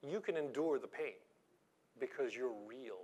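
A man voicing a worn old stuffed toy horse that speaks wisely and gently, in a calm, unhurried, reassuring way. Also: mid-range voice, muffled recording, close to an everyday voice. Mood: gentle.

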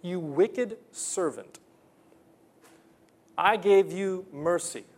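Stern rebuking master, put on by a preacher, quiet accusing tone. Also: male voice, high voice, very slow, pitched above the performer's own voice, exaggerated voice. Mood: stern rebuke. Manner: scolding, accusing. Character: stern angry male master rebuking servant.

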